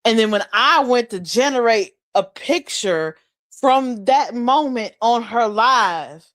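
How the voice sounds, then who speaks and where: Slow-talking woman on a livestream. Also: fairly high pitch, expressive, fairly bright tone. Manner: rambling storytelling with frequent laughs and swearing. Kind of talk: casual livestream chat.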